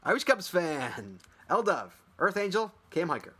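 A man with a slightly higher voice co-hosts a casual podcast, reading listener entries aloud. He jokes and laughs often, with an easy, teasing delivery. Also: big pitch swings, a little slow, a bit bright, breathy edge. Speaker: podcast co-host.

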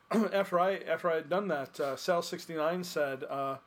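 A man co-hosting a podcast with a fairly high-pitched voice, rambling along hesitantly and restarting his sentences. He talks casually, with faint noise in the background. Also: moderate pace. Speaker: podcast co-host.

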